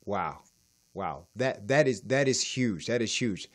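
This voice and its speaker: Guy hosting an interview, animated up and down voice, lots of short reactions. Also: fairly low pitch, unhurried. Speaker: interviewer host.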